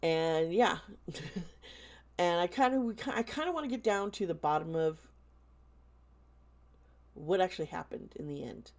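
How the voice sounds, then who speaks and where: A woman hosting a tarot channel, speaking in a casual vlog style, earnest and halting, with many pauses and restarts. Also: fairly low pitch, animated, a little mellow.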